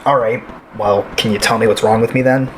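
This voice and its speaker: A man's voice: on the low side, steady tone, brisk, slight background noise, close to an everyday voice. A man playing a quarantined patient who grows uneasy and furious, in an amateur audio drama. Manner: uneasy, then bursts into shouting rage.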